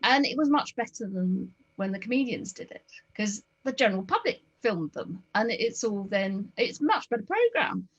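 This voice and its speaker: A woman's voice: medium pitch, big pitch swings, moderate pace, hardly any pauses, husky, muffled recording. A woman with a Northern English accent hosting a casual video-call chat, talking in an enthusiastic, rambling way with lots of ums. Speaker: host.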